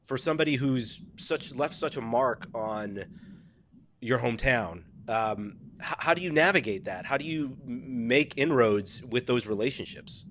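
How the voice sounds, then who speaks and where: Earnest podcast host asking questions. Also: male voice, medium pitch, expressive, a little slow, fairly bright tone, slight background noise. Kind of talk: interview questions.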